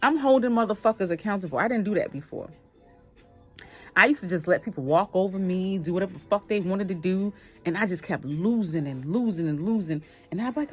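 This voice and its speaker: A woman's voice: mid-range voice, brisk, soft background music. A woman in her forties with a Boston accent, talking openly to camera in a casual vlog and swearing freely. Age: 40s. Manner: blunt, swears freely, lively. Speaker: vlogger.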